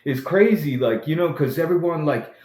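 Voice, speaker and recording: A man's voice: fairly high pitch, lively intonation, normal speed, a little mellow. A man in recovery telling his own story in a casual podcast chat, earnest and full of "man" and "bro.". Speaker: person in recovery helping others. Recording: echoey room.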